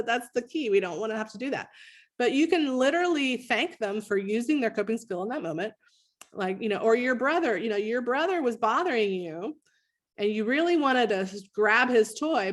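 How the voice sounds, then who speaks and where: During a live parenting session, a middle-aged woman reads comments from viewers while coaching parents. Her delivery is animated, jumping high in pitch as she demonstrates praise.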